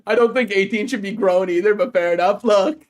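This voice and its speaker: A streamer giving casual gaming commentary, joking, swearing freely and talking back to chat and the game's characters. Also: medium pitch. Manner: talks to chat and game characters.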